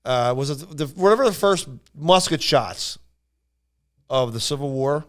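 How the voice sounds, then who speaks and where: A man's voice: a little high, lively intonation, unhurried. A man hosting a podcast, telling a story in a loose, rambling way with restarts and asides. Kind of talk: casual storytelling.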